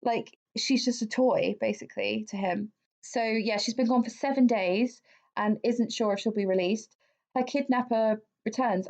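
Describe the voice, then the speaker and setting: A woman's fairly high, darkish voice carries a casual true-crime story on the podcast she co-hosts. Chatty and free with swear words, she uses many fillers, and the recording sounds dull and lo-fi.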